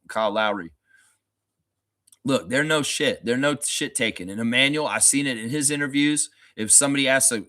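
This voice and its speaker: A man rants on a live stream, outspoken and profane, in a bright, forceful voice. He tells his stories with animated bursts, and the sound is dry and close. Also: medium pitch, dry recording. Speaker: sports channel host. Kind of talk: casual live-stream rant.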